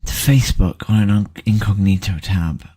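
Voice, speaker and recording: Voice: deep voice, fairly even intonation, normal speed, warm tone, husky. A vlogger thinking aloud in a rambling, hesitant way while setting things up on a computer. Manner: rambling, hesitant, trailing off with many ums.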